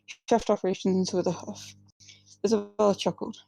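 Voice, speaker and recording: Her voice is mid-range, mellow and steady, with vocal fry, and she moves briskly. She's reading her own first-person fiction at a live event, plainly, with minor slips, restarts and few distinct character voices. The recording quality is low.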